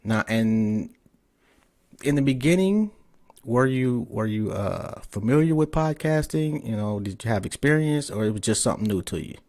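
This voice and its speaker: A man's voice: mid-range voice, animated, normal speed, darkish tone. Casual, cursing male podcast host. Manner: loose and profane, frustrated with tech trouble. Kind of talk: casual interview, remote call.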